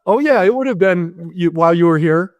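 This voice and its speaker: Animated storytelling man, fairly high voice. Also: brisk, no room sound. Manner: animated anecdote-telling, acting out quoted voices. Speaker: guest, filmmaker. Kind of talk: storytelling in a podcast interview.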